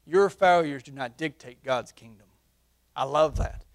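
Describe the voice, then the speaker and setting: A fervent male pastor with a high-pitched voice preaches a sermon through a face mask. He pushes hard into loud, emphatic peaks, then sinks into quiet, intimate stretches, and the mask slightly covers his words. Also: a little slow. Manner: swings between loud emphatic peaks and hushed low passages. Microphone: wearing a face mask while preaching.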